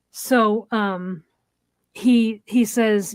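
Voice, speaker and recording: A woman's voice: a little high, steady tone, drawn-out words, a little mellow, clean tone, no echo. A woman co-hosting a show, casually retelling a TV episode scene by scene with frequent ums and quoted dialogue. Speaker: podcast co-host. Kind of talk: casual chat recapping a TV episode.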